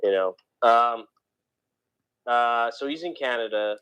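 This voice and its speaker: A man's voice: mid-range voice, slow pace, fairly bright tone, clean tone, low-quality recording. A man from the US East Coast with a slight Philadelphia accent, co-hosting a casual podcast chat with frequent restarts. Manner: rambling, restarts often, opinionated. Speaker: podcast co-host.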